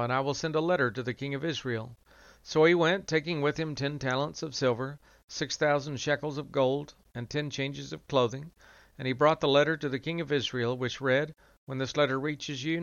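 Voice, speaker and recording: Man reading scripture aloud, smooth and dry. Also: mid-range voice, no room sound, dull audio. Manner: even, measured reading with little change between quoted voices. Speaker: reader.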